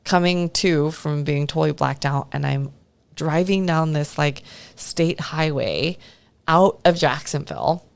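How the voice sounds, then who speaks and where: A woman's voice: deep voice, unhurried, gravelly, smooth. A woman guest on a podcast, speaking casually and candidly about her past, swearing now and then and acting out what others said. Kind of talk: candid personal storytelling.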